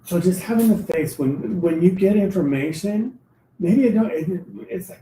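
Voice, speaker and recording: A man telling personal stories in a casual, animated way, acting out the dialogue and often laughing. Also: high voice, moderate pace, a little hiss or hum. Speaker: spiritual reader on a live show. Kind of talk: casual storytelling. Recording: roomy, distant mic.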